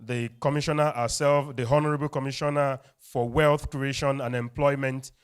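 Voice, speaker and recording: A man with a Nigerian English accent hosting a live event, leading the crowd in energetic call-and-response. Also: mid-range voice, moderate pace, smooth. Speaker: event host. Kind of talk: lively event emceeing. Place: event hall.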